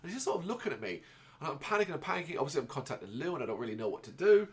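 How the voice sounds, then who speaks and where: A man's voice: a little high, big pitch swings, racing. A man, hosting a podcast and telling a rambling, emotional personal story, restarting often and swearing. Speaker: podcast host.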